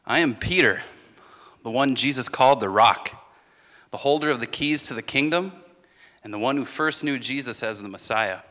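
Bright tense man, confessional monologue, sorta anguished, big reverby hall. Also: mid-range voice, normal speed. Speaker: actor in a Passion monologue. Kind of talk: dramatic first-person monologue.

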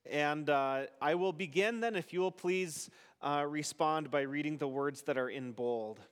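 A male pastor reads scripture aloud to his congregation, unhurried and deliberate. His voice sits somewhat high for a man and comes through smooth and resonant. The sound carries the long reverb of a church hall. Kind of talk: sermon and scripture reading. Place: church sanctuary.

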